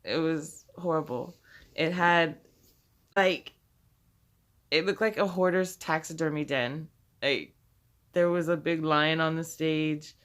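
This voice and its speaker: Woman rambling thru a story, swears a lot, keeps laughing, bright clear voice. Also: sits low, fairly even intonation, takes it slowly, pauses often. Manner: profane, rambling, laughs often. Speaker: vlogger telling a personal story. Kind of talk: casual storytelling.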